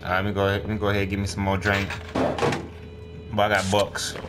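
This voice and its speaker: A man casually commenting on his gameplay as a streamer, slangy and quick to react out loud. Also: lowish voice, monotone. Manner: slangy, reacts loudly to the game. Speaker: gaming streamer. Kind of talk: casual let's-play commentary. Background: game music.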